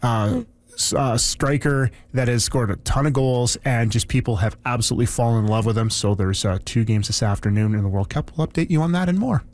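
A man's voice: medium pitch, a little fast, a little mellow. A man chatting casually on a radio morning show, rambling a little with restarts. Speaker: radio sports and news contributor.

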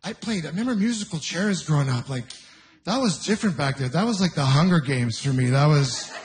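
A man doing stand-up comedy, telling stories in an incredulous, exasperated way with quick asides, with an audience laughing. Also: fairly high pitch, expressive. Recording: live venue with audience noise.

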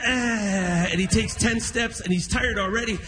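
A male stand-up comedian with a high, bright, ringing voice tells a story on a music hall stage. He is animated, acting out the people in his story as he goes. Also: a little slow. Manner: animated storyteller, acts out quotes.

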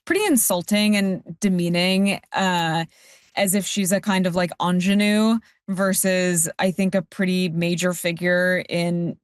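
A woman giving a critical, measured view in a casual panel discussion, with hesitant fillers. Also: lowish voice, fairly even intonation, dry recording, clean studio sound. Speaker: panel guest.

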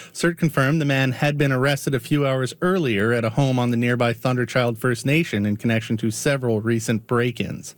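A man reads the radio news in a steady, formal manner. His voice has a middle pitch and a dry, close studio sound. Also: no room sound. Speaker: newsreader.

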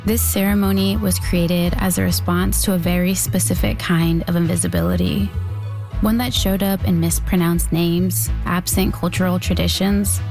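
A woman reporter reading a news feature as scripted narration, in a measured, even delivery. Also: on the low side.

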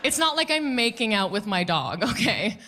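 A young woman performing stand-up, her bright voice leaping around in pitch as she tells sarcastic stories. She sounds fairly high for a woman and talks in a lively, animated way. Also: moderate pace. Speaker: stand-up comedian. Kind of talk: stand-up comedy.

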